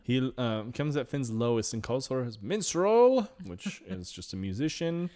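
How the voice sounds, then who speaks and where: A man's voice: medium pitch, very animated, measured pace, mellow. A man co-hosting a podcast, recapping an episode in casual chat, laughing and acting out characters' lines. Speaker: podcast co-host.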